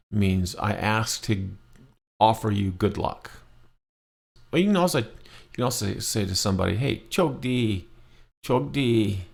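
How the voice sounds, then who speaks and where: Low gravelly guy teaching a language class, slow patient explaining. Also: darkish tone. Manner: slow, patient explaining with drawn-out demonstration phrases. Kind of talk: recorded language lesson.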